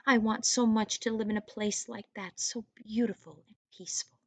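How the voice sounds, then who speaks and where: Woman reading old weaver woman, storybook, soft, wistful, mid-pitched, dry sound. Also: fairly even intonation, normal speed, no room sound. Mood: longing. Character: poor old woman weaver, gentle and longing. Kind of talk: reading a storybook aloud to a class.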